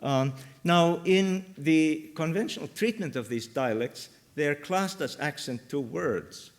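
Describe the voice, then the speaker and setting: A man's voice: on the high side, expressive, a little slow. A man giving an academic conference talk on linguistics, hesitant and full of fillers as he thinks aloud. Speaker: linguistics lecturer. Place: university lecture room.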